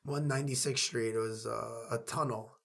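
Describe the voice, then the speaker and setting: A man from Queens with a New York accent, an excitable podcast co-host who rambles and repeats himself in casual chat. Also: mid-range voice, moderate pace, gravelly.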